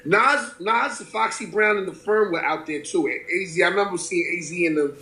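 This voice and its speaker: A man in his forties telling stories in a casual interview, profane and animated, acting out what people said. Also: high-pitched, normal speed. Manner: animated storyteller, profane, acts out quotes. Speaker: rapper guest. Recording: roomy echo.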